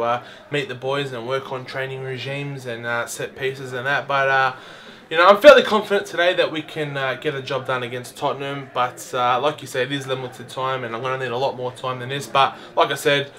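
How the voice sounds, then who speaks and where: A man playing a calm football manager in a press interview. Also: medium pitch, pitched below the performer's own voice, natural voice. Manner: measured, filler-heavy press-conference talk.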